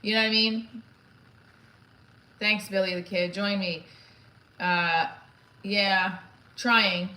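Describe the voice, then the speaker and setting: A woman's voice: medium pitch, steady tone, slow, pauses often, sharp tone. A woman comedian talking candidly in a casual vlog, frank and rambling, swearing freely with frequent restarts. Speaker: comedian vlogging her day. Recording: echoey room with faint background noise.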